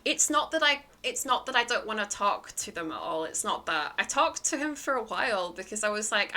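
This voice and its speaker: A woman's voice: fairly high pitch, lively intonation, moderate pace, sharp tone. A woman chatting casually to her stream viewers, telling a story in a rambling, hesitant way full of fillers.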